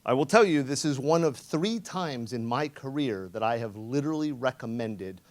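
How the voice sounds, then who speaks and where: A man's voice: medium pitch, lively intonation, normal speed. A man giving a conference talk, telling a story in a sarcastic, profane way and acting out the quoted lines. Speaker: conference speaker. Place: conference room.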